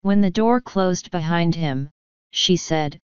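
A woman with a low-pitched, very smooth voice reads an audiobook in a steady, even manner. The sound is dry and close, with a slightly dull, lo-fi tone. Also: takes it slowly, no room sound. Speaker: audiobook narrator. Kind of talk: scripted audiobook narration.

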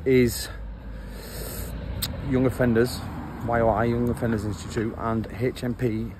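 A man's voice: medium pitch, flat delivery, a little slow. A man chatting bluntly in slang as he walks along a road, filming on a handheld phone. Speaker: vlogger. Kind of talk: casual walking vlog. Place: outdoors walking along a road. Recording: outdoor traffic noise.

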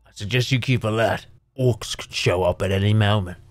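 A man voicing a scheming, mocking middle-aged male knight in a text adventure game, with a low, gruff and condescending manner. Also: moderate pace, dry recording, lightly acted. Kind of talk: reading a text adventure aloud.

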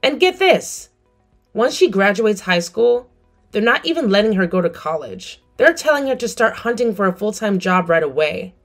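A middle-aged woman tells her story in a cold, firm tone. Her voice is mid-pitched but swings widely, with faint music beneath it. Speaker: narrator and mother. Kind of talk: scripted story narration.

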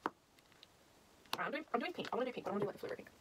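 A young woman chatting quickly and casually while doing her makeup, giggling and swearing freely. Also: on the high side, very animated. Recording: noisy home recording.

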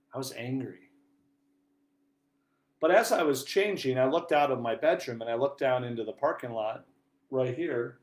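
Earnest priest preaching in an echoey room. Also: male voice, mid-range voice. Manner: earnest, wide swings from hushed to loud. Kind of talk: sermon.

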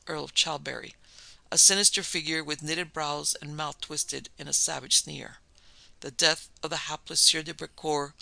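Gravelly bright-voiced male storyteller. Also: fairly high pitch, no room sound, low-quality recording. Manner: measured, even storytelling delivery. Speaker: narrator and producer. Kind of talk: scripted narration of a ghost story.

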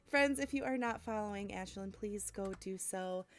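A woman streamer chatting casually with her live audience, bubbly and giggly, thanking viewers warmly. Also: mid-range voice, expressive, slow pace. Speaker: game streamer. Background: faint lo-fi music.

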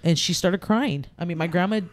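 A woman's voice: lowish voice, a little fast. Heartfelt woman talking about grief. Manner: heartfelt, rambling with frequent restarts. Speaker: podcast guest. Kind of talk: candid conversation about grief.

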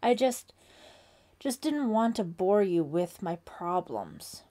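A woman's voice: medium pitch, big pitch swings, takes it slowly, dark tone. A woman voicing a nervous teenage girl who is a camp counselor, speaking hesitantly and earnestly.

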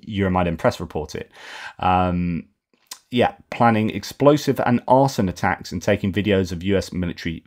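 Brief: English man, slightly low voice, casual host commentary, hesitant with restarts. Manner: hesitant, with frequent fillers and restarts over names. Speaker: host of a daily news update show. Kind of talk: unscripted news commentary read from reports.

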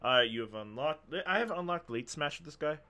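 Excitable man yelling through gameplay. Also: on the high side, fast, very noisy. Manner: excitable, yells and laughs at plays. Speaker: gaming channel host.

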